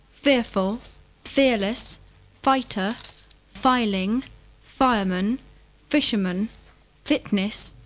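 Slow, clear female vocabulary reader. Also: a little high, rough recording. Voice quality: clear, careful enunciation. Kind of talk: slow word-list reading for learners.

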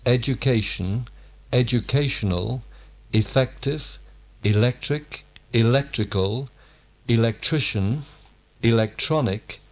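Male word-list reader: very slow, careful, one word per breath. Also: mid-range voice, a little mellow. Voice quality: measured, careful enunciation. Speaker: vocabulary reader.

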